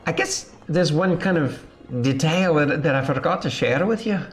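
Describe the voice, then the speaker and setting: A man voicing an eager, thrilled male arena patron who loves to gamble, speaking a little higher than his usual voice. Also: expressive, moderate pace, soft background music, close to an everyday voice. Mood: cheerful.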